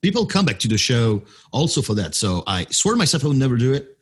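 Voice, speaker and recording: A man's voice: mid-range voice, very animated, quick pace, husky. A man from France with a French accent, a wrestling announcer and guest explaining at length and sometimes searching for words. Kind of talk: interview conversation.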